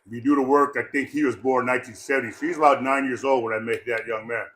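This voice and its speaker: A man giving a rambling, joking eulogy at a memorial gathering, loud and full of swearing. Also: mid-range voice, fairly even intonation, quick pace. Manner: profane, loud and jokey, breaks into laughter.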